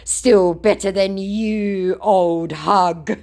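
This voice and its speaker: A man's voice: high voice, fairly even intonation, drawn-out words, gravelly, darkish tone, pitched above the performer's own voice, full character voice. A woman reading out the lines of a defiant young male romance scammer who taunts and justifies himself. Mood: taunting.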